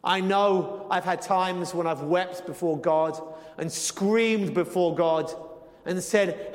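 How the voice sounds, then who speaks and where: A male pastor preaching a sermon, earnest, slowing and quickening his pace for emphasis and sometimes putting on playful voices for quotes. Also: sits high, steady tone. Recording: long reverb of a large hall.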